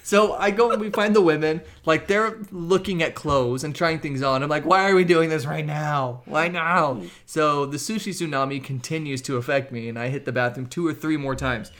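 A young man telling a story in a casual chat as a podcast co-host, animated and laughing as he goes. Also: on the high side, normal speed, hardly any pauses.

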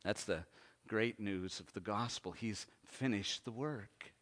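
A man preaching a sermon, swinging from hushed low lines to loud ones and asking the congregation questions. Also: slow pace. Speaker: pastor.

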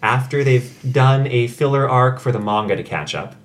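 A man's voice: mid-range voice, animated, moderate pace. A man co-hosting a casual podcast chat, wry and knowledgeable, explaining story background at length. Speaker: podcast co-host. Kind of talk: casual chat about anime.

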